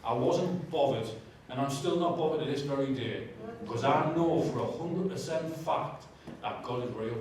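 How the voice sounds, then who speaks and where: A man sharing his testimony in a church, with animated, self-mocking storytelling and asides to the audience. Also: medium pitch, moderate pace, few pauses, a little hiss or hum. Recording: echoey church hall, distant mic.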